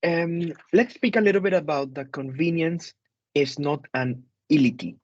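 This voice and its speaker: A man's voice: fairly high pitch, normal speed, dry recording. Man, instructor, casual group chat, dry close sound, muffled lo-fi audio. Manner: conversational, repeats phrases, frequent fillers. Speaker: course instructor leading a book discussion.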